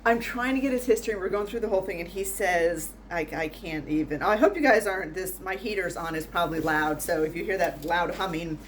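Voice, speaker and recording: Middle-aged woman, nurse storyteller, casual and exasperated, slightly low pitch. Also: fast talker, few pauses, a little hiss or hum. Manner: chatty, laughing, wry and exasperated. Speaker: nurse doing patient intake. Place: small room at home with heater humming.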